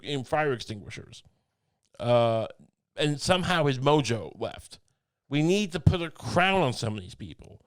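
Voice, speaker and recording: A man's voice: fairly high pitch, clear, resonant tone. Rambling, crude man hosting a podcast. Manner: rambling, crude riffing with jokey put-on voices. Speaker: podcast host. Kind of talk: casual comedic podcast chat.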